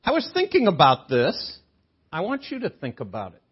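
Older man preaching, husky and lively. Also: fairly high pitch, normal speed, muffled recording. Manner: animated, joking with the congregation. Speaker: guest preacher. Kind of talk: sermon. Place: chapel sanctuary.

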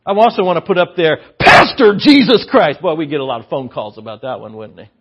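A man's voice: fairly high pitch, expressive, fairly quick, background noise. A man preaching a conversational sermon as guest preacher, chatty and given to joking asides. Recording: muffled lo-fi sermon recording.

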